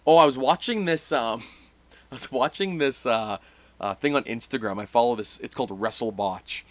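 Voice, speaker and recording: A man's voice: medium pitch, normal speed, dry recording. A man co-hosting a casual wrestling podcast, rambling with fillers and restarts. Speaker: podcast co-host. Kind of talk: casual chat.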